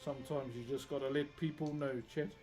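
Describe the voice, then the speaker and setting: A man's voice: mid-range voice, fairly even intonation, a little fast, dark tone, soft background music. A man from rural New Zealand with a matching accent, chatting casually and jokingly with viewers on a live stream, calling them brother. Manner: laid-back, jokey, calls everyone brother. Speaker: wood carver streaming live. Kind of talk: casual livestream chat with viewers.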